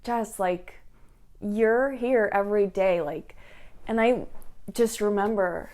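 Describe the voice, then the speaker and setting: A young woman talks straight to her camera, sharing her own story in a loose, chatty way. She leans on "like" and "um" as she goes. Her voice sits at a middle height, neither high nor low. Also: takes it slowly, a little mellow. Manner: chatty, lots of fillers like "like" and "um". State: tearful at moments. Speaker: fitness vlogger. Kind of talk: personal vlog talk.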